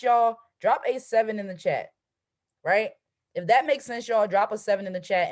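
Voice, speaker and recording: Leading a motivational live stream via video call, a trading coach in her twenties speaks forcefully, dropping "right?" at every opportunity. Her voice sits mid-range with a darkish tone.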